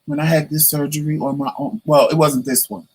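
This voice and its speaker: Talking a little fast in a slightly high, breathy voice, a vlogger relates a personal story straight to the camera. He's chatty and animated, acting out what others said, and the recording is low quality.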